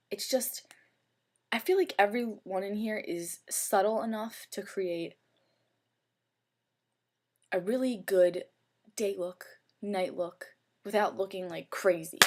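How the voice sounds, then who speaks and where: A young woman talking through her makeup in a casual review, gushing and chatty, with lots of "like" in her speech. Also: mid-range voice. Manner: gushing, chatty, heavy use of "like". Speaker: beauty vlogger.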